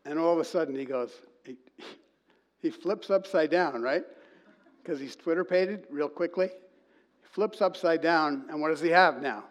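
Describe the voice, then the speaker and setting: A man preaching to a congregation, telling a story in an animated way and reading quoted lines in a slow sing-song. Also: on the high side. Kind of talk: sermon.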